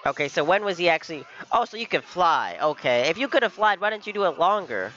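A man's voice: on the high side, sing-song, quick pace, bright, forceful tone, lo-fi sound. A young man giving casual reaction commentary on an anime episode, laughing often and calling everyone "bro".

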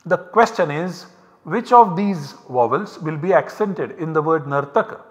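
A man giving a university lecture, explaining step by step in a slow, methodical way. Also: on the high side, expressive, long reverb tail.

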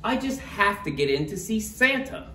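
A man reading a bedtime story aloud and voicing a hapless, determined male turkey who pleads quickly in a raised voice, set back from the mic in a roomy space. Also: high voice, big pitch swings, pushed and bright, pitched above the performer's own voice, exaggerated voice. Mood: pleading. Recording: roomy, distant, faint room noise.

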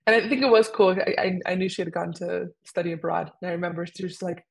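Her voice is lowish and gravelly with a breathy edge, and she talks fairly quickly. She's a young woman co-hosting a podcast, casual and animated, with plenty of fillers.

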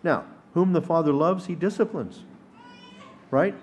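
In a synagogue sanctuary, a man with a voice on the high side teaches a sermon at a service, speaking a little slowly. He's earnest and emphatic, sometimes rising to exhortation, and there's a bit of hiss or hum on the recording.

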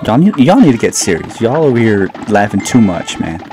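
A man's voice: fairly low pitch, sing-song, fairly quick, a little mellow. Jokey man narrating his own gameplay. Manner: jokey, self-mocking, repeats words. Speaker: gaming channel host. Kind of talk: casual gameplay commentary. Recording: game music playing behind.

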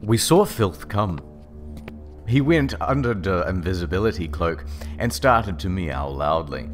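A man doing a comedic dramatic reading as narrator, in a deadpan, mock-serious manner. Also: sits low, a little slow, soft background music.

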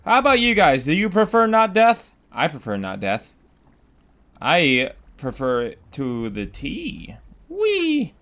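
Goofy, animated man playing a game. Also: fairly high pitch, measured pace. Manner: goofy, rambling, exclaiming at the game. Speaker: Let's Play gamer. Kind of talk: casual gameplay commentary.

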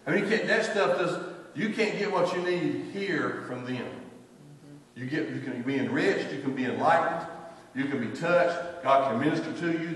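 Rambling pastor in an echoey church. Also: male voice, medium pitch. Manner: rambling, conversational, emphatic with storytelling asides. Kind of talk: informal sermon at a weeknight service. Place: church sanctuary. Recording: echoey church hall, mic from far off.

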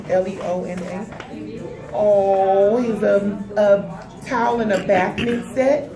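A woman in her thirties opening gifts at a party, gushing and laughing often in casual chat. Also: mid-range voice. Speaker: guest of honor opening gifts. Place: indoor party gathering. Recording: echoey room with loud background noise.

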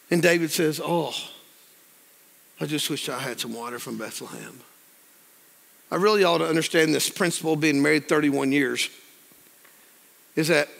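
Pastor, man in his 50s, folksy preacher; bright, husky voice in a reverberant church hall. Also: fairly high pitch. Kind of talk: sermon. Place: church sanctuary.

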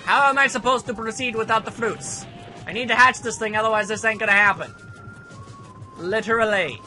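A young man giving casual, sarcastic gameplay commentary, grumbling at the game and now and then bursting into shouts. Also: high-pitched, a little fast. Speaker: let's play commentator. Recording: faint game music behind.

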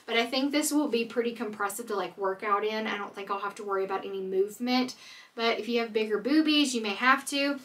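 A woman's voice: fairly high pitch, fast talker, a bit bright, far from the mic. A woman vlogger from Canada chatting candidly and jokingly through a try-on clothing haul, recorded a little off the mic. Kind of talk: casual try-on haul chat.

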